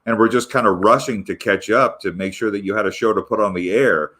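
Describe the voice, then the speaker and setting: A man's voice: lowish voice, a little fast, fairly bright tone. A man interviewing a guest, asking long, winding questions in a conversational tone.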